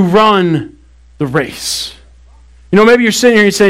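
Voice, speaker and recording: A man with a notably high voice preaches to his church. He talks earnestly and drives his points home with slow, weighty emphasis. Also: lively intonation, clear, resonant tone. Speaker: pastor. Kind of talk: sermon.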